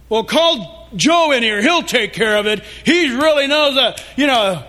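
A male pastor preaching a sermon in an animated, joking and confessional way. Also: very high-pitched, unhurried, few pauses.

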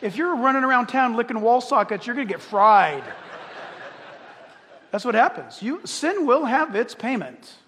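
An older man delivers a sermon in a high, wildly swinging voice. He moves between near-whispered confession and loud, passionate cries, acting out the people he quotes for laughs. The hall around him rings with a long reverb. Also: very animated, moderate pace, a little hiss or hum. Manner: swings from quiet intimacy to loud impassioned calls; acts out quoted voices, jokes with the crowd. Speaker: pastor.

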